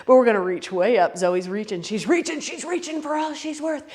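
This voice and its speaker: A woman's voice: fairly high pitch, a little fast, darkish tone. A middle-aged woman teaching a playful, encouraging yoga class for kids, calling out each movement. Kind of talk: kids' yoga class instruction.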